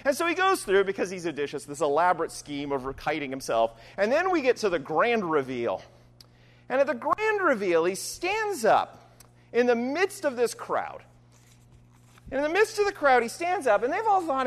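A lively preacher whose pitch rises and falls widely, working through a passage with rhetorical questions and quick asides. The voice rings out with a long reverb, as in a large sanctuary. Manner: restarts with "I mean". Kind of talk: conversational sermon.

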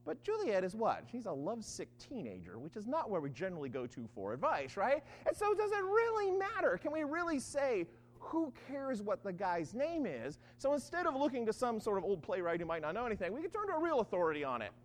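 A Bible teacher giving an animated study talk, often checking in with listeners and acting out the quoted lines. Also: mid-range voice, fast, hardly any pauses, big-room sound.

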